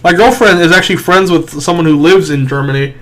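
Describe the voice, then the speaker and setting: A man's voice: a little high, quick pace, fairly bright tone, poor audio. A young man co-hosting a casual podcast, laughing often as he retells stories. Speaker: podcast co-host.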